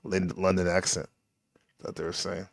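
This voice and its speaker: A man's voice: low-pitched, level tone, moderate pace, vocal fry, dry recording, studio quality. A man hosting a reaction video, chatting casually and loosely in slangy everyday speech, chuckling now and then. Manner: laid-back, slangy, chuckles while talking. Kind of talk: casual commentary over an old clip.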